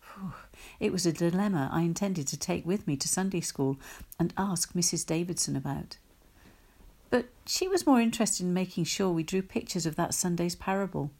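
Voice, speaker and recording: A woman narrates an audiobook with a wry, measured delivery. Her voice sits a little low, and she takes her time over each sentence. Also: darkish tone. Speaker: reader.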